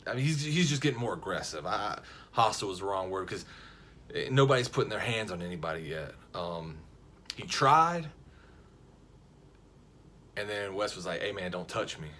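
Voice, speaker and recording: Casual low-voiced man telling a story. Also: moderate pace, pauses often. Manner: animated, jokey, frequent restarts and quoted voices.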